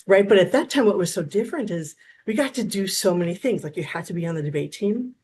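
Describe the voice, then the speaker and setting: Woman in her fifties from Wisconsin, interview guest, animated storyteller, faint noise behind. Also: medium pitch, quick pace. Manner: animated storyteller, acts out quotes. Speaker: guest, therapist. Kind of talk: casual interview chat.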